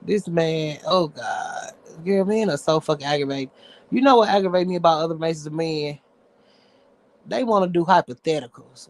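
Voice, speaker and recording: A man's voice: on the high side, moderate pace. A man hosting his own show, ranting casually in a blunt, sassy, heavily profane way. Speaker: show host. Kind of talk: casual livestream rant.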